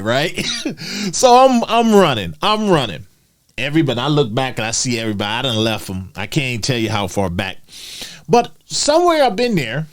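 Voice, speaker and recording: A man's voice: fairly high pitch, big pitch swings, normal speed. A man vlogging, telling a personal story in a chatty way and calling his viewers "guys". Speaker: finance vlogger.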